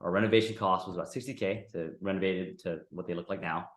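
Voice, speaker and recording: Low-voiced man teaching a casual class. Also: fairly even intonation, fast talker, reverberant. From United States. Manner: conversational, lots of "right?" and "like". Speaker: real estate investing instructor.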